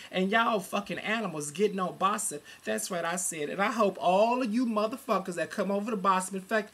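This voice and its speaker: A person in their forties giving an angry, profane webcam rant, swinging between loud outbursts and low muttering, talking into a computer at home. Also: breathy edge. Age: 40s. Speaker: vlogger.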